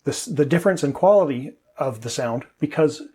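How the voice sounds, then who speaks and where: Male English teacher, slightly high, husky voice, patient step-by-step explainer. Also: lively intonation, normal speed, dark tone.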